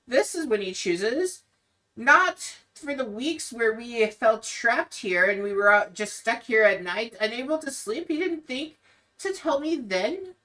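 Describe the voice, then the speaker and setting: A woman's voice: a little high, animated, measured pace, bright, forceful tone, recorded from a distance, voice pushed up. A woman playing an anguished young woman. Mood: distraught. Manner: pleading, emotional.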